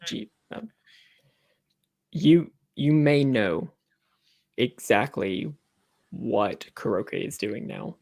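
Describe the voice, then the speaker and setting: A young man running a tabletop game as game master, halting with many fillers and restarts. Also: mid-range voice, animated, gravelly, darkish tone.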